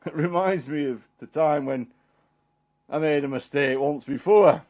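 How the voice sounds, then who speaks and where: A man plays Peter, a homely, warm-hearted fisherman, telling his story in a rambling, chuckling way. The voice sits a little high for a man and stays unpolished and everyday. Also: a little slow, natural voice. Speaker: performer in a one-man Bible drama. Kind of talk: dramatic character monologue.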